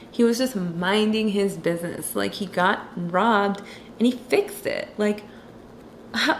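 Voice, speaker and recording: A woman's voice: mid-range voice, slight background noise. A young woman chatting casually and sarcastically about a movie while she draws, rambling with lots of fillers. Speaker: vlogger recapping a movie while drawing. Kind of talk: casual chat.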